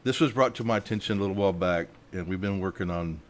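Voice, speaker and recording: A man's voice: sits low, quick pace. A man hosting a news commentary, indignant and worked up. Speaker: host.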